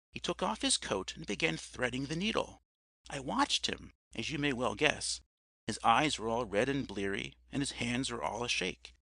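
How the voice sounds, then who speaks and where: A man's voice: mid-range voice, vocal fry, sharp tone, dry recording. A man reading a story as an audiobook narrator, telling it expressively and often addressing the listener as sir.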